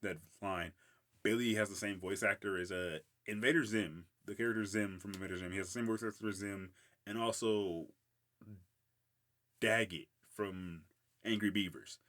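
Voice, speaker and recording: A man's voice: fairly low pitch, steady tone, moderate pace, a bit bright. A man hosting a casual solo podcast, rambling about a cartoon with lots of filler words and frequent laughs. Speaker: podcast host.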